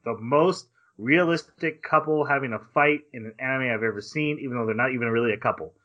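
A man hosting a casual podcast, retelling anime scenes in a lively way and acting out quick quotes from the characters. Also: medium pitch. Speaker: podcast host. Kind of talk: casual recap of an anime episode. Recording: slightly dull lo-fi podcast audio.

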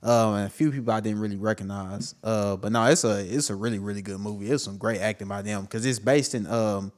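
A man co-hosting a podcast, talking in a relaxed, rambling way with plenty of filler words. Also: lowish voice, brisk. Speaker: podcast co-host. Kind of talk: casual chat.

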